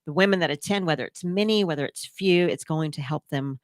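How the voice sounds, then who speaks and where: A woman's voice: low-pitched, brisk, no room sound, clean studio sound. A woman hosting a radio talk show, chatty and encouraging with many fillers. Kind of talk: casual interview chat.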